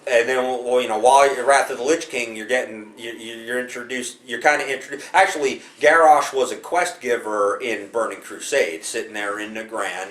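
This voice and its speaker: A man's voice: lowish voice, fairly bright tone, roomy sound. A man talking casually to camera about a game, rambling with many restarts and frequent swearing. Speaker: gaming video host.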